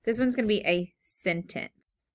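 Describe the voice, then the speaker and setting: A patient woman teaching phonics to young children. She asks a question, pauses, then answers it herself, sounding words out slowly letter by letter. Her voice sits at a middle pitch.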